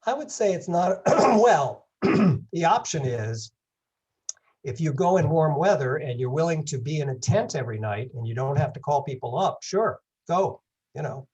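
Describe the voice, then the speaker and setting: Over a video call, an English man in his seventies gives a rambling online talk with questions as a guest speaker, correcting himself and adding wry humor. He speaks at normal speed with lively intonation, in a voice on the high side that is a little mellow with a breathy edge. The recording is muffled.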